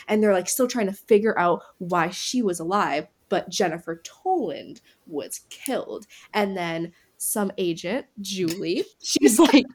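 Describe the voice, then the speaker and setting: A woman's voice: mid-range voice, lively intonation, unhurried, few pauses, darkish tone, husky. A woman casually retelling a film's plot on a podcast, breezy and filled with "like". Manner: breezy storytelling, many "like" fillers. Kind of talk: casual movie recap chat.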